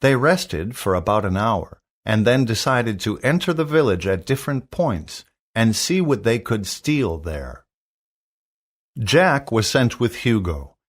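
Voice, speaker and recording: A man narrates a storybook for learners in a careful, expressive way. He reads slowly, and his voice rises and falls a great deal to carry the story. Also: on the low side. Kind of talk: storybook read-aloud for learners.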